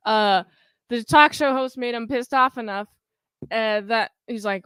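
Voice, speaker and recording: A woman co-hosting a casual podcast chat, animated and acting out quotes as she talks. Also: fairly high pitch, measured pace, smooth, no echo, studio quality. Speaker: podcast co-host.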